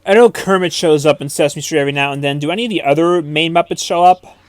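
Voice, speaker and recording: A man's voice: fairly high pitch, fast, smooth, no echo. A young man co-hosting a casual movie commentary, chatty and wry, giving opinions with small hesitations.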